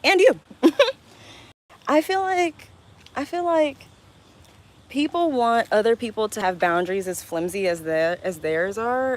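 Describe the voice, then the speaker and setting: A young woman live-streaming, chatting casually with her viewers, reading their comments aloud and answering bluntly with a lot of swearing and quick laughs. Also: fairly low pitch, background noise. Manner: blunt and profane, reading chat aloud and snapping back; quick laughs and sudden loud outbursts.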